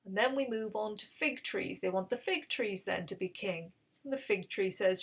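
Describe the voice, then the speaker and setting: A woman's voice: mid-range voice, moderate pace, hardly any pauses, sharp tone. A woman hosting a Bible reading channel, retelling scripture in a casual, conversational way with explanatory asides.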